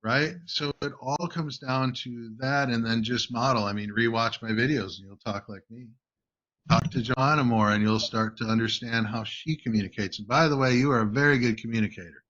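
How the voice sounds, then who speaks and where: A man talks in an emphatic, coaching way, often stopping to check in with his listeners. His voice is bright and forceful, and it sits at a middle pitch. The audio sounds dull and lo-fi. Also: moderate pace. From United States. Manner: emphatic, keeps checking in with "right?". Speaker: host and communication coach. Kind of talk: casual coaching talk.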